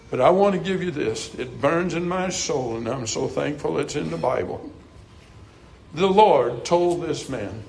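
A middle-aged man preaching a sermon earnestly, climbing to emphatic highs and dropping to soft, quiet passages. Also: measured pace, vocal fry, a little hiss or hum, rough recording.

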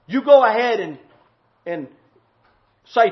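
A high-voiced man preaches with lively, wide swings in pitch. He talks in a down-home drawl, booming one moment and dropping to a murmured prayer the next. The recording is dull and lo-fi. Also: normal speed. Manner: swings from loud shouting to low murmured prayer. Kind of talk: sermon.

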